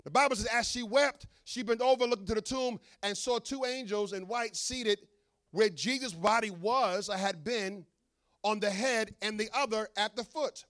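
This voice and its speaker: A middle-aged man, a pastor, preaching an animated sermon with humorous asides to his congregation. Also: high-pitched, moderate pace.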